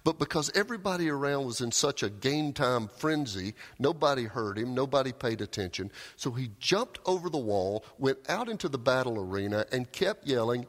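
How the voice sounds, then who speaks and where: Guy preaching a sermon, mid-pitch voice, long church reverb all around. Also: big pitch swings, normal speed, hardly any pauses. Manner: storytelling, shouts quoted cries, drops low for emphasis. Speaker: pastor.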